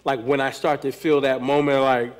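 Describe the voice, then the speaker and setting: An American man who choreographs hip hop dance tells stories in a loose, animated way, acting out quotes and laughing often. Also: mid-range voice, normal speed, smooth. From United States. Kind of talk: conversational panel talk.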